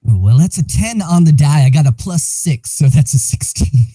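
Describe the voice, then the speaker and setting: A man's voice: fairly high pitch, animated, moderate pace, warm tone, breathy edge, no echo. A man playing a tabletop game, talking casually and animatedly, laughing often and swearing now and then. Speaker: player.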